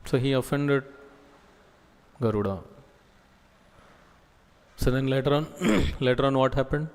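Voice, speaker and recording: A man delivers a sermon-style scripture class in a slow, measured way. He halts often, pausing to search for words. His mid-pitched voice carries a long echo from a temple hall. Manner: slow, halting delivery with many pauses and fillers. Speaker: preacher giving scripture class.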